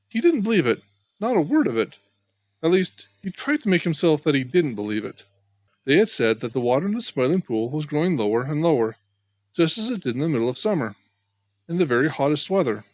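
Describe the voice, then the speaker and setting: Animated man reading a children's story. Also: fairly high pitch, no echo. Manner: expressive, animated. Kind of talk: reading a children's book aloud.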